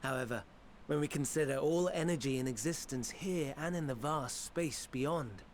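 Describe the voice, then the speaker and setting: An actor playing a scholarly male sage in a fantasy game, explaining in formal, archaic, measured speech. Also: a little high, a little hiss or hum, lightly acted. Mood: calm lecturing. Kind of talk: game cutscene voice acting.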